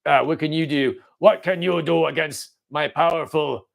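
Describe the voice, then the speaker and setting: A man's voice: a little high, fairly even intonation, moderate pace, creaky. A man doing a gloating toy soldier with a pirate-like accent. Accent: put-on pirate-like accent. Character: boastful muscular male toy soldier with genie hair.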